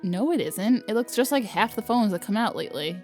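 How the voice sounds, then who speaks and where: A woman reads a visual novel's first-person narration for a let's play, even and unhurried, her voice sitting at an ordinary middle pitch. Soft game music runs faintly underneath. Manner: reads narration evenly, laughs between lines. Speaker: let's player. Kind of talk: reading a visual novel aloud.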